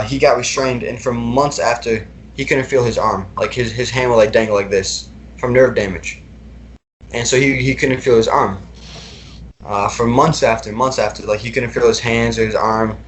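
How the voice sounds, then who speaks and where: A man's voice: mid-range voice, a little hiss or hum. A young man recounting personal experiences as a podcast guest, talking casually with lots of fillers and repeated words.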